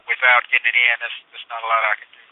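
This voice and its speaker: A man's voice: mid-range voice, completely flat delivery, fast. Stammering man on a tinny phone line. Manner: hesitant, repeats himself, stammers. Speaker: customer service representative. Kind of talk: phone call.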